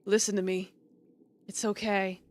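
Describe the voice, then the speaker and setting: Woman putting on a soft dying huntsman. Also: medium pitch, measured pace, heavy background noise, pitched below the performer's own voice, natural voice. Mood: tender. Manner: soft, hushed, calming. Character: kind dying young male huntsman, gentle, self-sacrificing.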